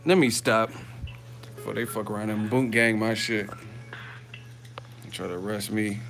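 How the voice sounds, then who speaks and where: A man's voice: on the low side, normal speed, gravelly, long pauses, a bit bright, soft background music. A man hosting a boxing live chat from a hotel room, telling profane, joking stories. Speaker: boxing YouTuber host. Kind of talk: live-chat vlog storytelling.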